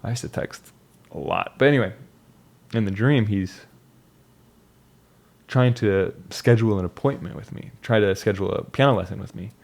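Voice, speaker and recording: Low-voiced man musing aloud. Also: moderate pace, creaky, darkish tone. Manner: reflective, rambling with restarts and fillers. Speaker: vlogger. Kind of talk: casual personal monologue.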